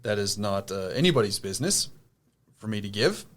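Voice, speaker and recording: A man's voice: on the low side, a little fast. A man hosting a podcast, telling a personal story casually and acting out the people in it. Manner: animated, acts out quoted people. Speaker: podcast host.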